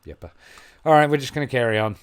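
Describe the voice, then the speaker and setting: A man commentating on his football management game, musing quietly and then breaking into excited play-by-play. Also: fairly low pitch, moderate pace. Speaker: gaming video host. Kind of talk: gameplay commentary.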